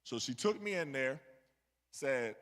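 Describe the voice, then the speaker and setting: This New Yorker's mid-range voice is animated and a bit bright, moving at a measured pace as he tells a personal story as a conversational sermon. He regularly checks in with "you know what I mean." It's recorded in a church sanctuary with long hall reverb.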